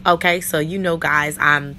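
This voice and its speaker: A woman from New York hosting her own faith podcast, chatty and playful, talking straight to her listeners while her voice is a bit rough this week. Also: low voice, fairly even intonation, moderate pace, bright, forceful tone, slight background noise. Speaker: podcast host. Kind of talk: solo faith podcast monologue.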